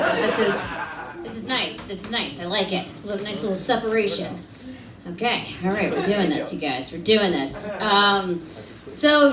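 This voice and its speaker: A woman from Pennsylvania doing a chatty, self-deprecating stand-up set on a club stage, laughing often. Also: mid-range voice. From Altoona, Pennsylvania. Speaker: stand-up comedian. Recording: roomy club sound from a distance.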